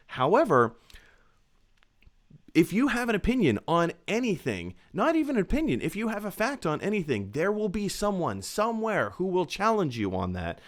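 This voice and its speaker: A man's voice: high voice, huge pitch swings, moderate pace. A man hosting a casual film-chat show, talking in an upbeat, chatty way with plenty of fillers. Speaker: host.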